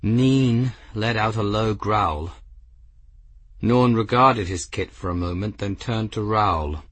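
A man narrating an audiobook in a very low, slow voice with a husky edge. His reading is measured and even, recorded close and dry. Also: no echo.

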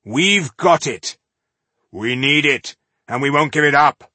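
Man doing a cold renegade dwarf, slow measured threats, husky, dry. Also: on the high side, animated, sharp tone, no echo, pitched above the performer's own voice, exaggerated voice. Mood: menacing. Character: menacing male dwarf renegade, calm and cold.

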